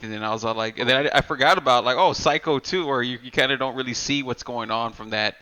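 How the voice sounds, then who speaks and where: Male co-host, crisp smooth tone, relaxed conversational asides. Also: medium pitch, quick pace, few pauses, dull audio. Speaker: podcast co-host. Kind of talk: casual movie chat.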